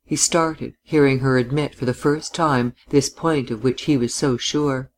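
A narrator reading a novel aloud in a measured, quiet, steady way. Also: medium pitch.

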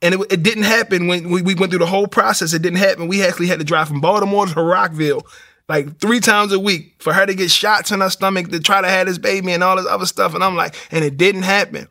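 Gravelly, bright-voiced man telling his story. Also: sits high, fast. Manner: animated storytelling, acts out quotes. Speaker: guest sharing testimony. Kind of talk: casual testimony interview.

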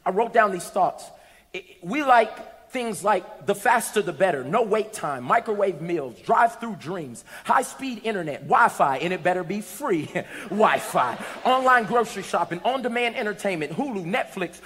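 A man preaching a sermon, telling stories with playful asides and rising to shouts. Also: high voice, lively intonation, normal speed. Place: large church hall. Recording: long hall reverb.

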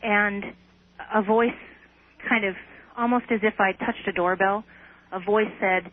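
Woman guest on the phone, earnest and unhurried, sounds tinny like a call-in line. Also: mid-range voice, fairly even intonation. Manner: earnest, unhurried, hesitant restarts. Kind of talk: recounting a personal experience in an interview.

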